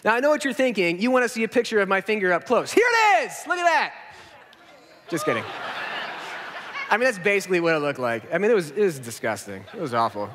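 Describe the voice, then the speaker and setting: A man in his thirties, a pastor telling a story in a sermon, self-mocking and animated, acting out what people said. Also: sits high, racing, few pauses, a little hiss or hum. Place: large church auditorium. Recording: hall reverb.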